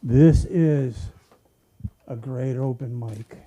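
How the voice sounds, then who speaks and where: A man doing a deadpan, self-deprecating stand-up set at a comedy club open mic. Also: mid-range voice, drawn-out words, lo-fi sound, slight background noise. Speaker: stand-up comic.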